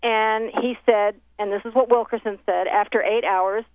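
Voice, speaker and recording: A woman's voice: a little high, fairly even intonation, normal speed, dry recording. A woman who makes documentaries, recounting a story in casual conversation and acting out the exchanges she quotes, with many restarts. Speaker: documentary filmmaker telling her story. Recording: tinny phone line, dry.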